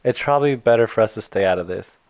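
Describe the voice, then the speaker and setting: Brief: man doing a meek young club president girl, soft-spoken, a little lower and quieter than his own voice, dry sound. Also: fast talker, no room sound, dull audio, close to an everyday voice. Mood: gentle. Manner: soft, apologetic and soothing. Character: gentle indecisive young female club president.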